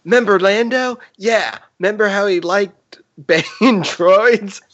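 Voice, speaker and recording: Man putting on a squeaky little nostalgic grape, high sing-song questions, dull lo-fi sound. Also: slow pace, background noise. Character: nostalgic talking grape, small, cheery and wheedling.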